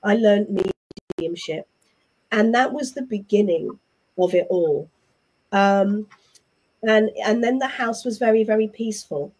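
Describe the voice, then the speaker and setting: A middle-aged woman with an English accent, a guest telling her story in a chatty, animated way and acting out what others said. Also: medium pitch, unhurried, long pauses. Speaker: interview guest. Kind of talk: casual conversational storytelling.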